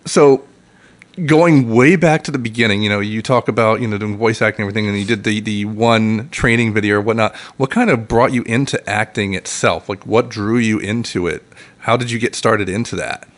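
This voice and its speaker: A man's voice: fairly low pitch, a little fast. Eager male radio co-host. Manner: eager, enthusiastic interviewer with restarts. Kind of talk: casual interview chat.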